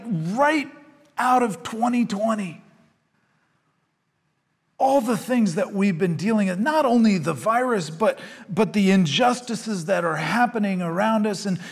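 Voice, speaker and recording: A man's voice: high voice, vocal fry, breathy edge. Earnest man preaching in a large hall. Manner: earnest, rising to fervent when reading scripture; conversational with fillers and repetitions. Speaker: pastor. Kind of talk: sermon. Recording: long hall reverb.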